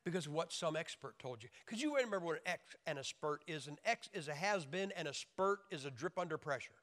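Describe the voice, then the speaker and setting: A high, lively male voice delivers a joking, emphatic sermon and swings widely in pitch. His bright, forceful tone rings out through the long reverb of a large hall. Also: brisk. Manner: emphatic, joking, acts out crying babies in high shouts. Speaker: preacher.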